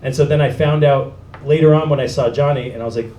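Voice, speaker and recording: A man's voice: medium pitch, steady tone, fast talker, mellow. A man hosting a live storytelling night and telling a story on stage, laughing often as he goes. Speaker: event host and storyteller. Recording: echoey room, noisy live venue.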